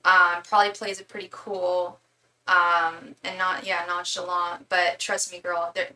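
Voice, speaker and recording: A woman's voice: on the low side, little pitch movement, measured pace, bright, forceful tone, echoey room, far from the mic, slight background noise, rough recording. A young woman giving a live tarot reading in a chatty way, full of fillers, restarts and calls of "girl". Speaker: tarot reader.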